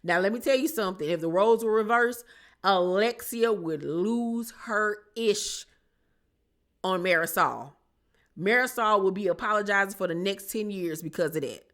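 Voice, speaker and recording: A woman with a medium-pitched voice and moderate pace recaps a reality show on her channel. She's animated, chatty and slangy, acting out what people said.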